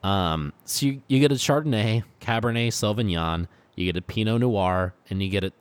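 A man's voice: lowish voice, normal speed, clear, resonant tone, dry recording. A man co-hosting a casual chat, enthusiastic and joking, rambling with fillers. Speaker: podcast co-host.

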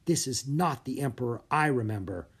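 A reader voicing a serious, polite young boy who speaks formally and softly. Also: mid-range voice, animated, normal speed, breathy edge.

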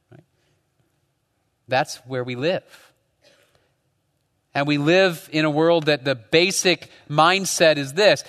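In a church with big-room acoustics, a male pastor preaches a sermon in a slightly high, fairly bright voice at normal speed. He keeps it conversational, frequently ending his points with rhetorical questions.

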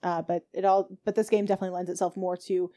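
A woman's voice: lowish voice, little pitch movement, quick pace, mellow. A woman narrating a tabletop game as game master, reading steadily with small stumbles.

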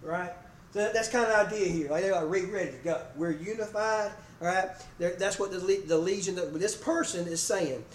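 Speaking a little fast in a high voice, a man delivers a folksy sermon, addressing his flock by name and asking "okay?" and "amen?" throughout. The church sanctuary sounds echoey, with a far-off mic and faint background noise.

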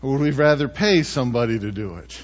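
A man preaching a sermon in a relaxed, conversational way, often tossing in rhetorical questions to the congregation. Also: medium pitch, quick pace, big-room sound, dull audio. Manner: chatty, asks rhetorical "right?" often. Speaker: pastor.

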